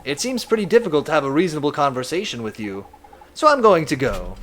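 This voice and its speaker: A chatty male streamer who keeps up a playful running commentary over a strategy game and reads viewer messages aloud as he goes. His voice sits a little high and moves around with animated pitch. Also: quick pace, slight background noise. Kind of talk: casual gameplay commentary.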